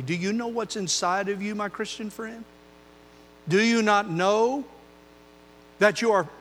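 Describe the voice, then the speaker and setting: An older man preaching a sermon as pastor, earnest, moving between loud emphasis and quiet intensity. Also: sits high, in a large hall, slight background noise.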